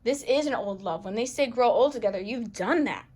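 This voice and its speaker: A woman reading tarot cards for viewers in a chatty, playful way, excitable and full of pet names. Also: on the high side, fairly quick, husky. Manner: playful, chatty, calls listeners baby girl and boo; excitable, gasps and exclaims over cards. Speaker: psychic medium tarot reader.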